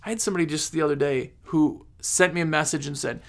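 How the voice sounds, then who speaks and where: Recording on his phone, a cleaning business coach gives casual, rambling advice in a fast, somewhat high voice. He repeats himself and acts out his customers as he goes.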